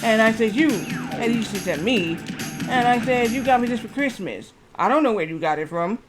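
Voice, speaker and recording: A man's voice: sits high, animated, moderate pace, over music. A man streaming a game who tells a long, rambling story and keeps repeating "I said" and "she said".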